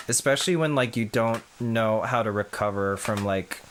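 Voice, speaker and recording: A man's voice: fairly low pitch, normal speed, background noise. A man streaming a puzzle game, chatting casually and rambling through self-corrections with the odd swear. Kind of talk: casual gameplay commentary.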